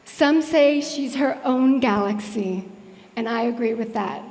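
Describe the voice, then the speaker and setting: A woman's voice: on the high side, measured pace, a little mellow, big-room sound. A woman presenting an award at a ceremony, introducing the honoree with admiring, ceremonial words.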